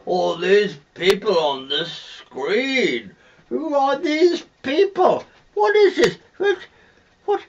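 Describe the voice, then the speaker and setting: A man voicing a jolly Father Christmas who reads out names from his good and naughty lists, booming and chuckling. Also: big pitch swings, takes it slowly, lo-fi sound, slight background noise, exaggerated voice.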